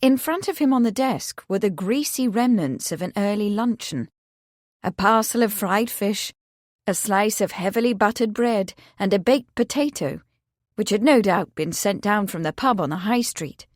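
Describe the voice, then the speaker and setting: With studio quality and no room sound, the clip presents a medium-pitched woman reading scripted audiobook narration in an even, measured storytelling manner.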